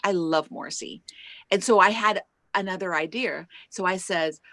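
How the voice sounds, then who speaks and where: Animated woman singer telling stories. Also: medium pitch, moderate pace, dry recording. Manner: animated, acts out quotes with laughs. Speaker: singer and songwriter, interview guest. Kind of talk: casual storytelling in an online interview. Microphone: lapel mic.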